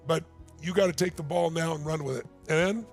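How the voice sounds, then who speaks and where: A man's voice: fairly high pitch, fairly quick, soft background music. A man in his sixties, a motivational speaker telling a story in a keynote talk, emphatic and building to urgent appeals. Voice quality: gravelly.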